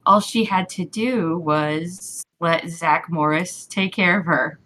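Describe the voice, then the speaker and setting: A woman co-hosting a podcast, her voice sitting fairly low for a woman. She is chatty and builds on points with quick asides. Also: a bit bright. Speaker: podcast co-host. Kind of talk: casual chat.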